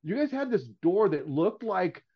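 A man's voice: sits high, sing-song, normal speed, husky, lo-fi sound. A middle-aged man talking in a casual podcast chat as a guest, earnest and rambling, often restarting his sentences. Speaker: painting contractor guest.

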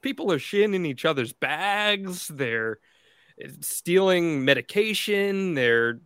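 A man's voice: sits high, animated, slow, a bit bright, clear, resonant tone, no echo, studio quality. A man co-hosting a podcast, setting up long questions for his guest in a casual, conversational way. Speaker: podcast co-host, interviewer. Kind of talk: casual interview.

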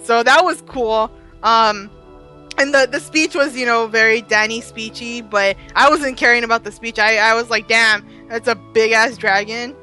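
A young woman co-hosting a podcast, chatting casually about a TV episode, swearing freely and throwing in quick asides. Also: a little high, sharp tone, faint music behind, rough recording. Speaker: podcast co-host. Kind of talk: casual chat.

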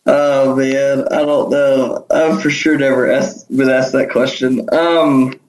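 A man's voice: mid-range voice, little pitch movement, slow, darkish tone, echoey room, rough recording. A man with an Arkansas accent, a guest in a casual interview, hesitant and chatty with many fillers and restarts. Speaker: guest, nonprofit founder.

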